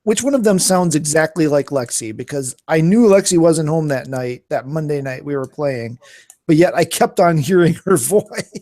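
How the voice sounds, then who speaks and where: A man's voice: fairly high pitch, expressive, moderate pace, darkish tone. A man co-hosting a gaming podcast, speaking hesitantly with frequent restarts in casual chat. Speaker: podcast co-host.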